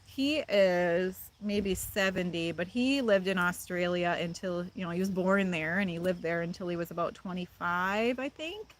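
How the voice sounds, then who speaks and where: Hosting a casual live chat, this woman from the Midwest answers viewers' comments and laughs a lot, her Midwestern accent clear. She speaks with a fairly low pitch at a moderate pace and few pauses.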